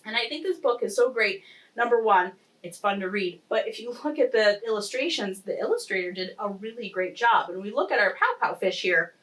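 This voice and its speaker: An animated woman teaching young children, with a lively, bouncing pitch as she plays to the kids. She sounds a little distant from the mic. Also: a little fast. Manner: animated, playful, talks to kids. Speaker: pre-K teacher. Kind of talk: children's lesson and read-aloud.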